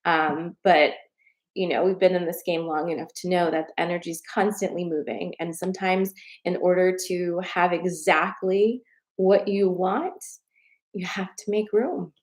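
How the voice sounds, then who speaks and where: A woman's voice: fairly low pitch, fairly even intonation, normal speed. A young woman hosting a live tarot stream, talking casually and emotionally with viewers, tearful at times, swearing and laughing as she goes. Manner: emotional, chatty, swears, laughs through tears.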